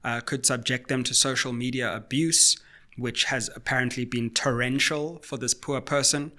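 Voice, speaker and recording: A man from Africa, hosting a solo political commentary and arguing point by point in a questioning, measured way. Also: mid-range voice, steady tone, sharp tone. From South Africa.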